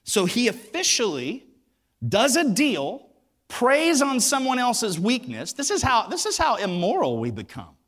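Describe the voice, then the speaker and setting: A man preaching a sermon in a high voice that swings widely up and down. He tells the story with animated acted-out voices and drives each point home through repetition. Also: a little slow. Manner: emphatic, repeats words for weight. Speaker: pastor.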